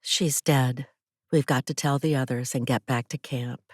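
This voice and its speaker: A woman voicing a female camp counselor in an audiobook, speaking softly and gravely. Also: extremely low pitch, fairly even intonation, moderate pace, no echo, clean studio sound, voice pushed down. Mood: somber. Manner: soft-spoken.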